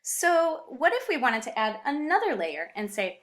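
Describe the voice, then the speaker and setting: A woman's voice: sits high, very animated, normal speed, a bit bright. A woman explaining Spanish grammar in a playful video lesson. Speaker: Spanish teacher.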